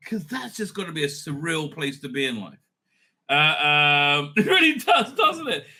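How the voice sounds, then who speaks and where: A middle-aged man hosting a casual TV review, excitable and blunt, swearing freely, laughing often and trailing off mid-thought. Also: fairly high pitch, moderate pace. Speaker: show host reviewing TV episodes. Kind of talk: casual rambling review monologue.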